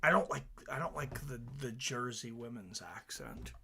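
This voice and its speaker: A man hosting a casual fight watch-along stream, chatting excitedly and reading viewer comments aloud. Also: mid-range voice, normal speed, vocal fry, noisy background.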